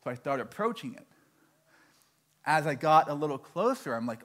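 A young man from Canada telling a stand-up story, animated and self-mocking, acting out his own dialogue. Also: on the high side, moderate pace, pauses often. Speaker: stand-up comedian.

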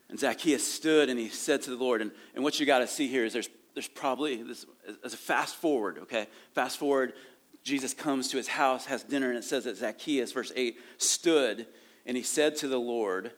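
A man's voice: medium pitch, moderate pace. A man preaching a sermon in a church, reading scripture and breaking off into casual asides and chuckles. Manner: animated and conversational, reading scripture aloud with asides and laughs. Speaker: pastor. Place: church sanctuary.

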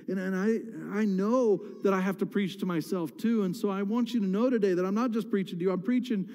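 A middle-aged male pastor preaching frankly and emotionally, often restarting his phrases. His voice sits a little high yet sounds mellow and dark. A long hall reverb trails each line in the church. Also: fairly quick, hardly any pauses. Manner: candid, emotional, many restarts. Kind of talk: sermon. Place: church sanctuary.

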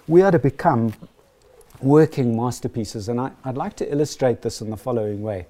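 A man preaching a sermon, earnest and emphatic, slowing down on key phrases. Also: medium pitch, warm tone.

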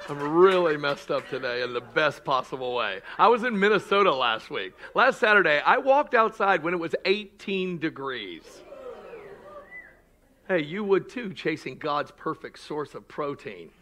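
A man preaches from the pulpit in a high, ringing voice. He climbs to shouted, stretched-out declarations and then drops to low, joking asides. His tone is bright and forceful throughout. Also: big pitch swings, a little slow. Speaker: pastor. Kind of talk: sermon.

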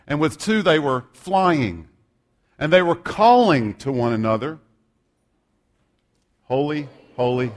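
Male pastor, mid-range voice, sermon reading with humorous asides. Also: mid-range voice. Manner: humorous, self-deprecating asides.

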